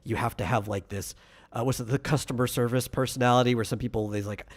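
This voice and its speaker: A man's voice: medium pitch, fairly even intonation, fast talker. A man co-hosting a podcast who chats casually, explains his take and answers listener comments. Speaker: podcast co-host. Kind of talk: casual chat.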